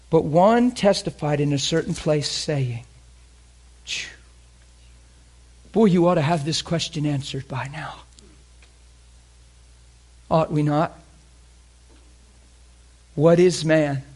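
A male preacher's slightly rough, high-leaning voice moves slowly, broken by long pauses. He preaches fervently and with open emotion, asking the congregation questions and swinging between loud emphasis and near-whispers.

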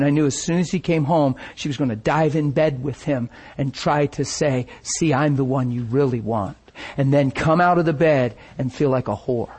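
Husky, animated older male preacher. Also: a little high. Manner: animated, acts out quoted voices, laughs often. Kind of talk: sermon storytelling.

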